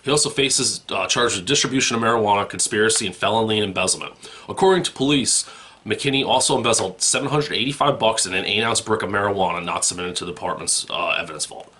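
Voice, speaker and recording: A man's voice: lowish voice, quick pace, sharp tone. A man hosting a parody news show, reading stories and breaking into profane, mocking rants.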